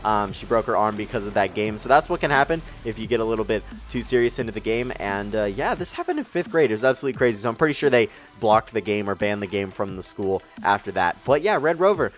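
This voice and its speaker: A man's voice: lowish voice, animated, fast talker, hardly any pauses. A young man casually telling funny stories from his life, rambling with fillers and the odd swear word. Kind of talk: casual storytelling over gameplay.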